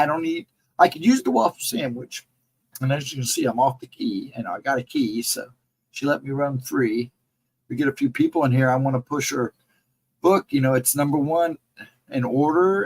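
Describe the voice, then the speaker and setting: A man chatting on a livestream and greeting viewers by name, in a rambling casual way, his voice hoarse and cracking from laryngitis. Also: mid-range voice, moderate pace, poor audio. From central Ohio, United States. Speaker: livestream co-host.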